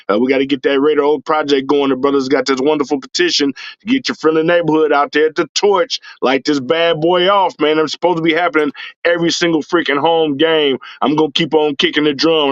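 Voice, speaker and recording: A man's voice: a little high, no room sound, muffled recording. A man who is a regular guest on a sports talk show, talking in a hyped, slangy way.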